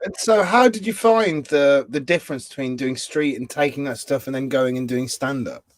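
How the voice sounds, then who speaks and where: A man's voice: mid-range voice, normal speed, no echo. A man hosting an interview over a video call, prompting his guest with curious follow-up questions. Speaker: podcast host. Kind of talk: casual interview.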